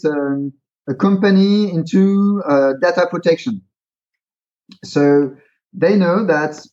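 On the high side and a little mellow, the voice belongs to a hesitant man who restarts often, uses many fillers, and explains with examples. He's the guest who created a pitching card game, speaking casually in an interview captured in dull, lo-fi sound.

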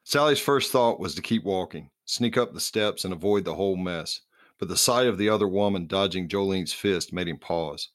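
A male author reading aloud from his novel in a measured, steady way. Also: sits low, dry recording, studio quality.

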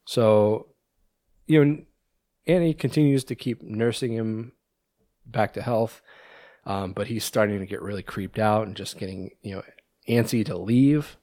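A man's voice: fairly low pitch, a little slow, pauses often, mellow, no room sound, studio quality. A man co-hosting a podcast, casually retelling a movie's plot with lots of ums and restarts. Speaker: podcast co-host.

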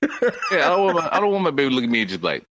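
A man co-hosting a podcast, talking in a rambling, halting way with many restarts. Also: fairly high pitch, big pitch swings, fairly bright tone. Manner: rambling, halting, self-interrupting. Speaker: podcast co-host. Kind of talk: casual chat.

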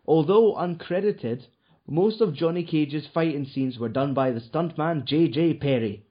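This man's voice runs on the high side and a little slow. He's a podcast host in casual, profane conversation, swearing a lot and rambling with fillers, and the lo-fi recording sounds dull.

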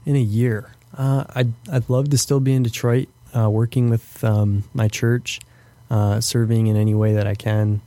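A man's voice: medium pitch, level tone, normal speed, hardly any pauses, dark tone, dry recording. A young man answering interview questions as a guest, thoughtful and hesitant, with frequent fillers and restarts. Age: young adult. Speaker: podcast guest.

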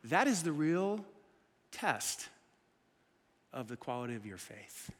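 A man preaching a sermon as pastor in a church, casual and conversational, swinging from loud urging to hushed, quiet asides. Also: fairly high pitch, sing-song, slow, breathy edge. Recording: long hall reverb.

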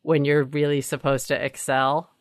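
A woman's voice: low-pitched, level tone, moderate pace, dry recording, studio quality. A woman co-hosting a podcast in casual chat, asking the others thoughtful questions. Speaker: podcast co-host.

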